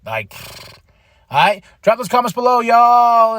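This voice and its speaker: A man hosting his own podcast, giving a casual, excitable solo review, breaking into laughter and acting out his reactions. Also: very high voice, measured pace, long pauses, slight background noise. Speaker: podcast host reviewing a wrestling event.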